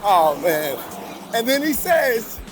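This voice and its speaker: A man's voice: extremely high pitch, very animated, slow. A man running a long charity run, talking casually and earnestly to his camera over background music. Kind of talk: casual vlog talk.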